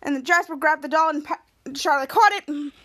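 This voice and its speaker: A woman hosting a podcast recaps a TV episode scene by scene, performing the characters' lines as she goes. Her voice sits high and sounds bright and pushed, at a fairly quick pace.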